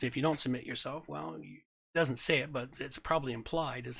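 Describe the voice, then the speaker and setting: A man's voice: medium pitch, brisk, gravelly, fairly bright tone. A man hosting a show, reading Bible passages aloud and breaking into irreverent, joking commentary. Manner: irreverent, joking asides between solemn readings. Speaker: host.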